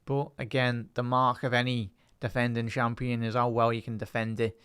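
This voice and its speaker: A man's voice: medium pitch, flat delivery, normal speed, a bit bright, smooth, dry recording, clean studio sound. Chatty Liverpool man calling the match live. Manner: chatty, reads live chat aloud and lifts into play-by-play calls. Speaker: watch-along commentator. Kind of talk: live match-day watch-along commentary.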